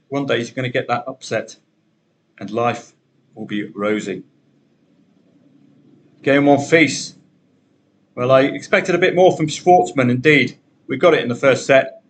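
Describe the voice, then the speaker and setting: A man hosting a solo betting podcast, talking through the day's matches in a chatty way with wry asides. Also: medium pitch.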